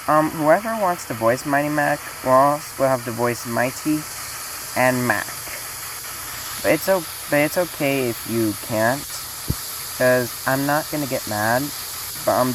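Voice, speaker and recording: A woman casually announcing a fan series casting call, rambling with fillers and restarts, over a noisy hiss. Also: very deep voice.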